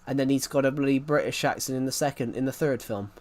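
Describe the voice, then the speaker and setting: Man, mid-pitched, casual game commentary host, rambling, self-correcting. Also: fast talker, darkish tone. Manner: rambling, repeats and corrects himself often. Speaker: gaming channel host.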